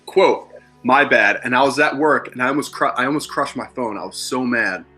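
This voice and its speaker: A man's voice: medium pitch, fairly quick, bright, forceful tone, breathy edge, soft background music. A man in his thirties from Philadelphia, a podcast guest in casual chat, telling rambling, candid stories and swearing freely. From Philadelphia, USA.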